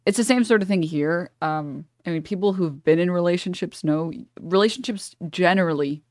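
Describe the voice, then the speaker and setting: A woman's voice: on the low side, no room sound, clean studio sound. A woman streamer reacting to a clip at home, blunt and profane, rambling with jokes and at times keeping her voice down. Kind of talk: casual reaction commentary. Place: her apartment.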